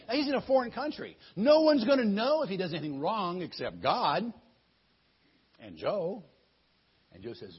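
Brief: husky-voiced male storyteller, playful, high and lively pitch, kids' sermon. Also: moderate pace. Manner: playful, chatty, addresses children. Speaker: children's Bible storyteller. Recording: muffled lo-fi recording.

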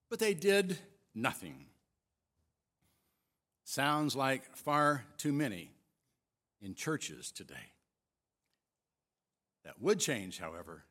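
A male pastor delivers a sermon in a fairly high voice. He speaks slowly and deliberately. His pitch swings widely as he stresses words for emphasis. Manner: expressive, emphatic storytelling.

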